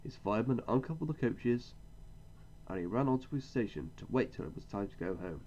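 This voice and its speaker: A man narrating a storybook in an expressive, measured way. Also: mid-range voice, lo-fi sound, a little hiss or hum.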